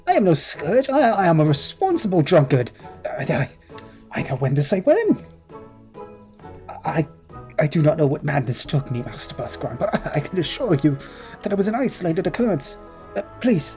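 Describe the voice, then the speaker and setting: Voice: mid-range voice, big pitch swings, normal speed, mellow, faint music behind, lightly acted. A gamer voicing a timid, apologetic young man from a fantasy game, stammering in formal, old-fashioned speech. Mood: flustered. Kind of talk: voice-acted game dialogue reading.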